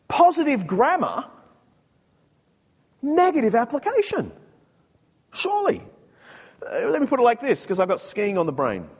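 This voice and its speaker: Animated Australian preacher in a reverberant hall. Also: male voice, high voice, husky, dull audio. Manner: animated, joking, mock voices. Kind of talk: sermon.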